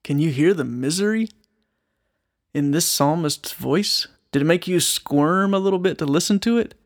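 A man's voice: a little high, moderate pace. A man giving an earnest, reflective Bible teaching, reading a psalm aloud and asking his listeners rhetorical questions. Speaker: Christian speaker and musician.

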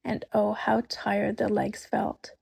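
Slow, breathy woman reading a storybook. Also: mid-range voice. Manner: unhurried, expressive, often dropping to a whisper. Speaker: narrator.

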